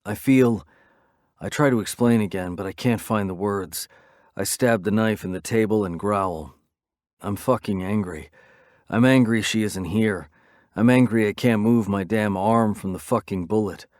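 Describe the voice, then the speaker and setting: A man's voice: fairly low pitch, measured pace, darkish tone, no echo, clean studio sound. A man narrating a romance audiobook in the first person, with a brooding, intense delivery.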